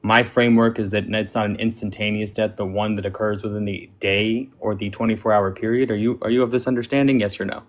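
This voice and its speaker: A man's voice: lowish voice, fairly even intonation, quick pace, few pauses. A man debater cross-examining his opponent with insistent, pressing questions.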